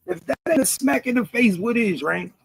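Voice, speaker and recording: A man doing heated livestream commentary, repeating himself in disbelief and often shouting. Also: very high-pitched, big pitch swings, moderate pace, creaky, slightly rough, dry recording. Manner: repetitive, incredulous, frequently shouting. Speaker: commentary streamer.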